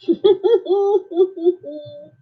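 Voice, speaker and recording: A woman's voice: very high voice, drawn-out words. An older woman hosting a craft livestream, chatting in a rambling, self-mocking way while she works. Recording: dull lo-fi stream audio.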